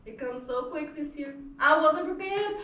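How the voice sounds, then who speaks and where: A woman's voice: high voice, animated, normal speed, fairly bright tone, dull audio. A young woman acting a middle-aged Southern belle mother who chatters in a flowery, gushing way, recorded from far off in an echoey room. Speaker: student actor. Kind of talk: stage play scene.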